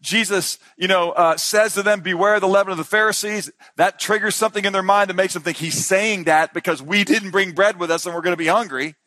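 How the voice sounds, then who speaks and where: A man preaching at a conference, animated, acting out quotes and dropping to a hush for emphasis. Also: sits high, fast talker, few pauses. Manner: animated preaching, voices Jesus and disciples in quotes, drops to hushed emphasis. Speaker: pastor. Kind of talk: sermon. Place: conference hall.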